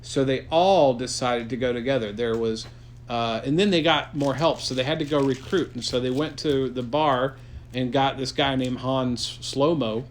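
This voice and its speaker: A man improvising a silly story for his child, playful and rambling with deadpan jokes. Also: mid-range voice, normal speed, a little hiss or hum.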